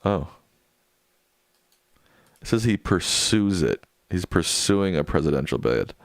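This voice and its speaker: A man's voice: low voice, expressive, slow, dry recording, studio quality. A man hosting a livestream after-show, casually reading viewer comments aloud and answering them offhand. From United States. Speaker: livestream host reading chat. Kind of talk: casual chat.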